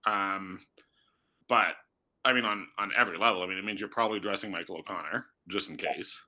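Male sports reporter, casual chat, very bright and tense voice, hedges and restarts often. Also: sits low, fairly even intonation, fairly quick, low-quality recording. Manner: thinks aloud with many fillers and restarts.

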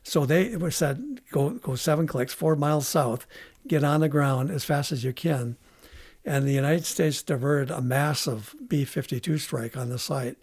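A man in his seventies, a military veteran, telling war stories in a halting, casual way. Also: on the high side, darkish tone, husky. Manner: halting, with many restarts and fillers. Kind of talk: casual storytelling interview.

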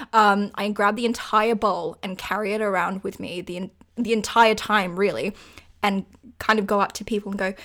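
A woman's voice: mid-range voice, a bit bright. Young aussie woman, chatty and giggly, pokes fun at herself. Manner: giggly, chatty, self-deprecating. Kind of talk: casual chat.

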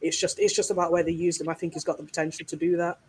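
A woman's voice: lowish voice, little pitch movement, rapid-fire, a little mellow, slight background noise, poor audio. British woman on a video call, fan humming. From Britain. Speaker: guest contributor. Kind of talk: casual sports chat on a video call. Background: fan running.

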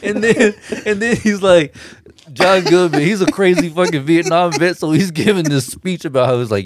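A man's voice: a little high, normal speed. A young man in casual chat with friends, retelling a comedy scene by scene, swearing freely, laughing and acting out the lines. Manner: animated storytelling, swears a lot, laughs often, acts out lines.

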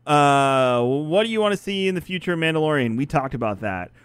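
A man's voice: fairly high pitch, expressive, brisk, clear, resonant tone, no room sound. A man bantering playfully as a podcast co-host, teasing and joking. His voice moves up and down freely, and the recording is close and dry. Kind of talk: casual chat.

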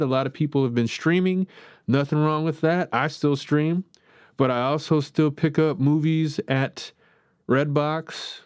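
A man's voice: on the high side, darkish tone, no room sound, clean studio sound. Chatty man rambling through a review. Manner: chatty and rambling, self-described as opinionated. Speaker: podcast host. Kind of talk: casual film review monologue.

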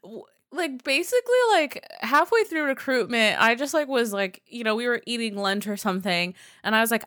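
A woman in her twenties telling stories in casual chat, animated and full of swearing. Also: on the high side, brisk, hardly any pauses, no room sound, studio quality. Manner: profane, animated storyteller.

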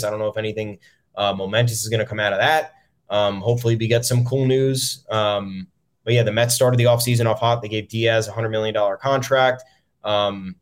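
A man hosting his own sports podcast, ranting in a loose, unscripted flow. He fills pauses with plenty of ums and drops the odd curse when annoyed. His pitch sits in an ordinary middle range for a man. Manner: frustrated, swearing, many ums. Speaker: podcast host. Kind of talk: solo sports podcast commentary.

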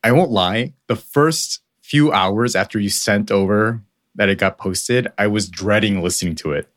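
A man co-hosting a podcast, telling stories in a relaxed, self-deprecating way. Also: on the low side, moderate pace. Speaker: podcast co-host. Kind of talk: casual podcast chat.

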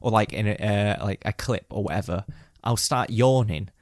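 A man's voice: on the low side, normal speed, no room sound. Laid-back young man, dry sound. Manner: relaxed, hesitant, uses fillers. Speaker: podcast co-host. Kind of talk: casual podcast chat.

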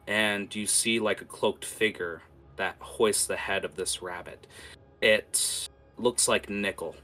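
A man's voice: lowish voice, bright, forceful tone. A man running a tabletop game as game master, narrating scenes vividly with many fillers.

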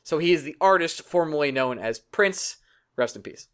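A man's voice: a little high, animated, normal speed, a bit bright, clean tone. A young man in his twenties hosting a casual podcast, joking and laughing often as he tells stories. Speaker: podcast host. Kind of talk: casual chat.

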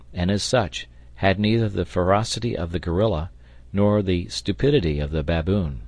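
A man narrating an audiobook in a steady, even storytelling manner on a close mic. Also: on the low side, no echo. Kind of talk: scripted narration.

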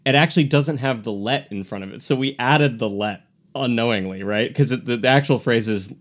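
A man's voice: mid-range voice, a little fast. A man co-hosting a podcast in casual chat, musing aloud and correcting himself in a playful way. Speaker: podcast co-host and band member.

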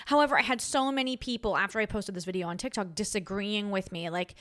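A woman's voice: fast, fairly bright tone, no echo, clean studio sound. Chatty, chaotic young woman podcast host. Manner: chatty and chaotic, self-interrupting, dramatic swings of pitch and volume. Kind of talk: casual solo podcast monologue.

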